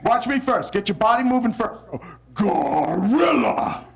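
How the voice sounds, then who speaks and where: An extremely high-pitched, fairly bright voice belongs to this visiting New Orleans poet, who speaks a little fast while theatrically performing call-and-response poetry. In a school hall, he cues children and adults to repeat lines, and their voices come back faintly.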